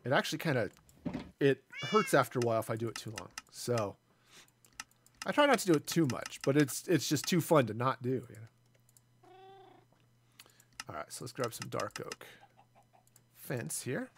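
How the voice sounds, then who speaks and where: A man's voice: medium pitch, lively intonation, moderate pace, pauses often, fairly bright tone, slight background noise. A man in his forties chatting casually and self-deprecatingly as he streams a building game. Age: 40s. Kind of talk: casual live gameplay commentary.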